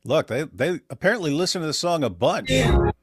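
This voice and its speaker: A man's voice: a little high, very animated, a little fast, husky, no echo, clean studio sound. A man co-hosting a casual reaction show, joking in an offhand way. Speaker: co-host.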